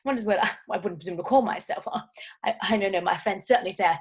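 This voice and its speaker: A woman's voice: medium pitch, fast talker. An American woman co-hosting a casual video-call chat, playful and often laughing. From United States. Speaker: co-host.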